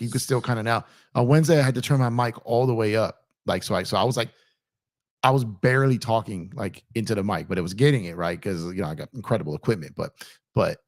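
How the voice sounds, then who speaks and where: A man's voice: fairly low pitch, creaky, no room sound, clean studio sound. A man hosting a casual post-game chat, rambling and laughing, his voice worn and strained from screaming. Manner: rambling, laughs often, many restarts. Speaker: YouTube channel host.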